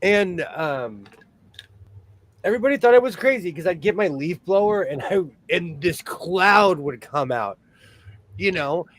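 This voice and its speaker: Male livestream host, casual and chatty, bit higher pitched, quick to laugh. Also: slight background noise. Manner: chatty, animated, laughs often.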